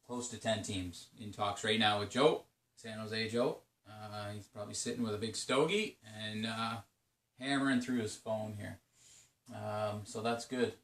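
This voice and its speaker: A man who commentates a video game league talks solo through his league's trade-deadline day in a rambling, casual way, full of fillers and restarts. His voice is on the low side and a bit bright, captured on a distant mic with plenty of reverb.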